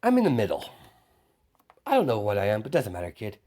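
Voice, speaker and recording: A man's voice: on the low side, wildly swooping pitch, fast, warm tone. A man voicing a smug, theatrical young male antihero with gleeful, mock-polite menace. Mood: reassuring.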